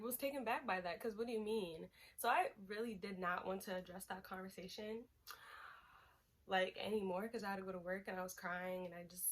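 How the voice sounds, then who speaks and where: A young woman talks straight to her viewers in a relaxed storytime. She acts out every line of dialogue and swings from soft, low asides to loud bursts. Her voice sits at an ordinary middle pitch for a woman. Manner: animated, dramatic retelling with quoted voices. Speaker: vlogger. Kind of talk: casual storytime.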